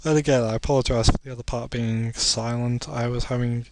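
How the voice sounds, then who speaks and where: A man's voice: mid-range voice, fairly even intonation, brisk, noisy background. A sleepy man commentating a video game, rambling and making self-deprecating jokes between muttered asides. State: sleepy, yawning. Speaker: let's play commentator.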